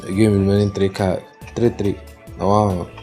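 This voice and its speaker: An actor with a Nigerian accent playing a relaxed man who gossips while playing cards. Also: deep voice, normal speed, over music, natural voice. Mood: idle. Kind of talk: Nollywood film acting.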